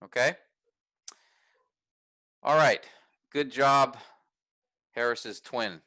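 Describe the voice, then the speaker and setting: Man teaching a workshop, bright tone. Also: medium pitch, extremely slow, dry recording, low-quality recording. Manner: conversational, thinks aloud with restarts and fillers.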